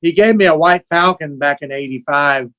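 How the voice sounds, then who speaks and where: A man in his sixties spins a story for an interview, animated and expressive. He acts out the voices of the people he quotes. His voice sits fairly high for a man. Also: normal speed, highs cut off. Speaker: guest musician.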